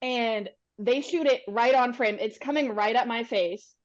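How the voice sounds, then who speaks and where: A young woman guest tells her stories with animation, leaning on "like" as she goes. Her voice sits a little high. The recording sounds dull and lo-fi. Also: measured pace. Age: young adult. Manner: animated, fills with "like". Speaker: podcast guest. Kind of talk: casual storytelling chat.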